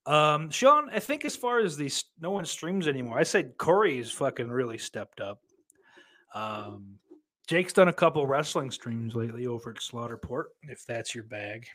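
Guy streamer reading chat, swears a lot, rambles, mid-pitch voice. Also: animated, moderate pace, a bit bright. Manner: profane, rambling, self-deprecating. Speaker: livestream host reading chat. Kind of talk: casual livestream chat.

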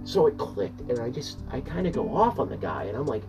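A person telling a personal story in a casual, animated way, swearing often and rambling with restarts. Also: mid-range voice, a little fast, hardly any pauses, dull audio. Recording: far from mic, faint guitar music.

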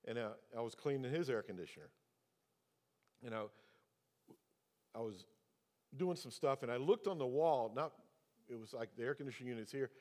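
A man's voice: expressive, normal speed, pauses often, darkish tone. A man in his sixties preaching a sermon, telling a story and acting out its dialogue. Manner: storytelling, acts out dialogue with pitch jumps. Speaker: pastor. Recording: long hall reverb.

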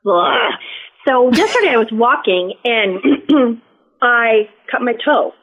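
A woman telling a story as a podcast guest in casual chat, halting, with lots of fillers and restarts. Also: a little high, expressive. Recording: tinny phone-like line.

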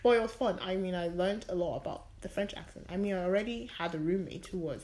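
A young woman co-hosting a casual podcast, telling animated stories and laughing often. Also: lowish voice, quick pace. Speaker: podcast co-host. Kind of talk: casual chat.

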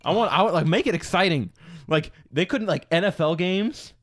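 A young man co-hosting a podcast, trading loose, profane banter that now and then bursts into animated storytelling. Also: high-pitched, brisk, dry recording. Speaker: podcast co-host. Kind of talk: casual chat.

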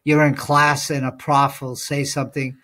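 A man's voice: mid-range voice, little pitch movement, moderate pace, pushed and bright. A man co-hosting a Bible study podcast, talking things through thoughtfully with many fillers and reading scripture aloud. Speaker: podcast co-host. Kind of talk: casual Bible study discussion.

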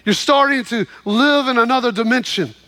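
A man preaching, voicing a gentle male teacher who questions his followers and comforts a woman. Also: very high-pitched, moderate pace, no echo. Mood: tender. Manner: warm, questioning, encouraging.

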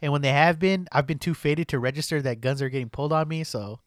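A young man, chatting on a podcast in a slangy, profane, animated way. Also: a little high, fast talker, dry recording, clean studio sound. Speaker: podcast host. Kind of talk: casual storytelling chat.

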